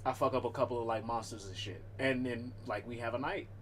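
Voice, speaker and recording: A man's voice: mid-range voice, fairly even intonation, a little fast, a bit bright, a little hiss or hum. A man livestreaming and chatting casually, rambling and swearing as he talks to his cat, often cutting himself off and restarting. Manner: frequent self-interruptions and restarts. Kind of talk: casual stream chat.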